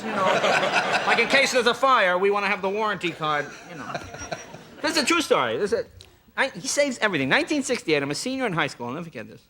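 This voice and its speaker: Excitable man telling comic stories. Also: sits high. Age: late 30s. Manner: animated, acts out quoted voices, quick and excitable. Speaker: talk show guest. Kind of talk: comic storytelling on a talk show. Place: TV studio with a live audience. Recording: TV studio audio with hiss and audience.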